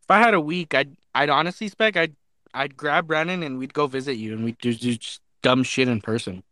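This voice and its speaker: A man's voice: medium pitch, brisk, bright, forceful tone, no room sound, studio quality. A man co-hosting a casual podcast, joking around in a crude way. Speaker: podcast co-host. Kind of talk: casual chat.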